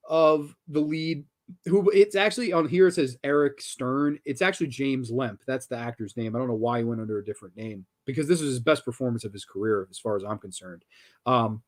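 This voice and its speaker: A man hosting a horror film review show, talking casually and enthusiastically, with casual swearing and lots of restarts. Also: mid-range voice.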